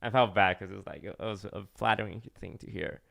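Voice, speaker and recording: Casual young man with a gravelly voice. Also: fairly low pitch, fairly even intonation, a little fast, a bit bright. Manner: rambling, many restarts and "like" fillers. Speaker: streamer telling a story. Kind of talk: casual storytelling.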